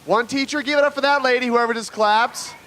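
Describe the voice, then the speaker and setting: Stand-up dude riffing with the crowd, high voice, light room noise. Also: male voice, fairly even intonation, fairly quick, sharp tone, rough recording. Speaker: stand-up comedian. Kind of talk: live stand-up comedy. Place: comedy club stage, live audience.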